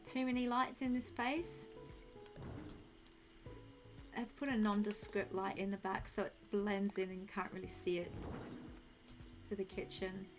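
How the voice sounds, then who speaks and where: A woman's voice: mid-range voice, fairly even intonation, moderate pace, music in the background. A young woman streaming a game, chatting casually and thinking aloud while she answers her chat.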